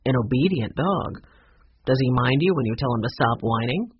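A reader voicing a kindly, teasing middle-aged motel manager in an audiobook, in a lowered, gently dry voice. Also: animated, moderate pace, highs cut off, slight background noise, natural voice. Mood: amused.

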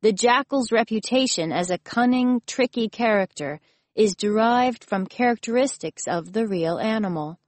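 A woman narrating a folk tale and an explanatory passage in a clear, measured reading. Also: a little high, dry recording. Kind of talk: scripted storybook and nonfiction narration.

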